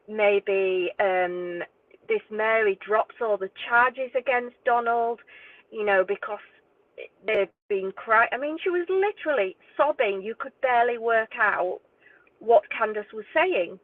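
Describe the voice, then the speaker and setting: A woman's voice: mid-range voice, measured pace, no room sound. A woman ranting indignantly as a true crime YouTuber, swearing and exasperated. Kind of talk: angry direct-to-camera rant. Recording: tinny phone-like dry audio.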